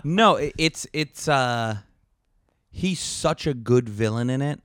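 A man's voice: medium pitch, animated, slow, fairly bright tone, clear, resonant tone, no room sound, clean studio sound. A man co-hosting a comedy podcast in casual chat, swearing freely and stammering through his stories. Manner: profane, stammering storyteller. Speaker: podcast co-host.

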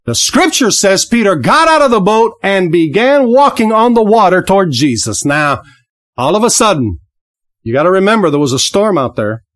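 A preacher giving a fervent podcast sermon, rising and falling for emphasis, with praise exclamations and repeated words. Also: mid-range voice. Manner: repeats words, laughs briefly.

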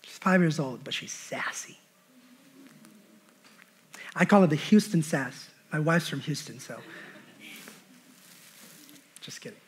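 A pastor preaching a sermon in church, building emphatically and slipping into relaxed storytelling with quoted dialogue. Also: male voice, a little high, slow, long pauses, slightly rough.

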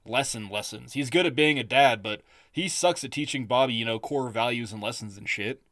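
A man co-hosting a podcast, talking in a casual, profane, animated rant and laughing often. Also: mid-range voice, fairly quick, no room sound, clean studio sound. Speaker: podcast co-host. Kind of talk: casual chat.

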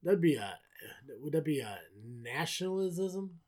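A man's voice: fairly high pitch, animated, unhurried, darkish tone. A man co-hosting a podcast, recapping wrestling in casual chat, swearing often and sarcastic. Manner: profane, sarcastic, rambling. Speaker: podcast co-host.

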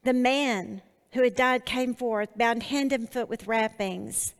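A woman teaching a Bible study, earnest and deliberate, pausing between her phrases. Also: on the high side, vocal fry, long reverb tail.

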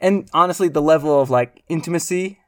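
A young man leads a relaxed podcast conversation. He thinks out loud, pausing and restarting as he goes. His voice sits a little high and sounds dry and close to the mic. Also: no room sound. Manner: thoughtful, halting, many fillers and restarts. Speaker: podcast host. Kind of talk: casual discussion.

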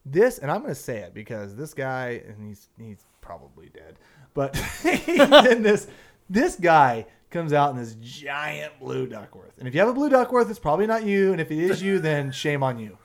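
A young man who works as a fishing guide, telling a story in casual podcast talk, animated and swearing freely. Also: a little high, moderate pace, hardly any pauses. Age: young adult. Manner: animated, swears often, acts out quotes.

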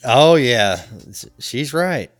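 A man's voice: mid-range voice, lively intonation, slow pace, dry recording. A man co-hosting a casual chat, telling stories in a laid-back way and laughing often.

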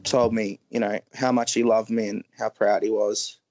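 A man telling an emotional personal story slowly, with many pauses and ums. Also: fairly low pitch, flat delivery, a little mellow, dry recording. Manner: halting, frequent ums, pauses.

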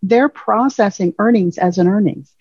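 A woman's voice: medium pitch, moderate pace, a little mellow, husky, no room sound. A woman guest talking casually in an interview, filling her thoughts with "you know" asides, over a remote call. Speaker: guest payroll leader. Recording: dull lo-fi remote audio.

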